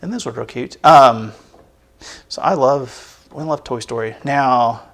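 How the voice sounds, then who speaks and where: A man with a gravelly, creaky voice rambles through a relaxed podcast chat. He piles on fillers and restarts as he talks, loose and conversational. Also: medium pitch, unhurried. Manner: rambling, chatty, with many fillers. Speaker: podcast co-host and producer. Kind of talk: casual chat.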